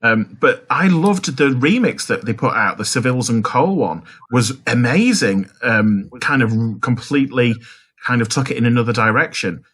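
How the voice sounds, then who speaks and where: A man's voice: mid-range voice, expressive, normal speed, a bit bright, slightly rough. A man co-hosting a podcast in casual chat, speaking emphatically and dramatically. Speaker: podcast co-host.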